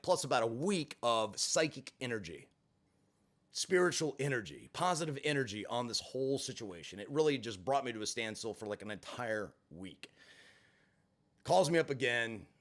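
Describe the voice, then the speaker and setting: A man's voice: medium pitch, a bit bright. A middle-aged man telling a personal story to camera, candid and emphatic, swearing freely. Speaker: vlogger in recovery. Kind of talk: storytelling monologue.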